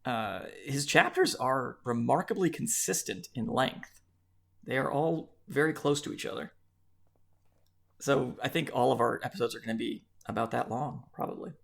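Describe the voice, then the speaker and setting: A man's voice: medium pitch, moderate pace, creaky, a bit bright. A man hosting a book podcast in casual, joking chat. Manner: joking, easygoing. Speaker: podcast host.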